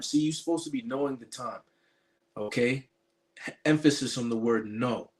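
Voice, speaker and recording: A man's voice: mid-range voice, moderate pace, long pauses, darkish tone. A man preaching in a spiritual commentary. His delivery is emphatic and insistent, with frequent um and uh fillers and stumbling restarts.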